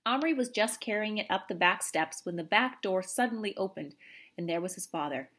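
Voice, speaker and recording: A woman reading a children's novel aloud in a steady storytelling voice. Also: medium pitch, brisk, slightly rough. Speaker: reader.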